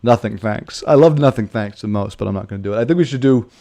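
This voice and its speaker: A man's voice: fairly low pitch, quick pace, creaky, dark tone. A man streaming a video game, rambling and joking in casual commentary, swearing freely and calling people man. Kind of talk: casual let's-play commentary.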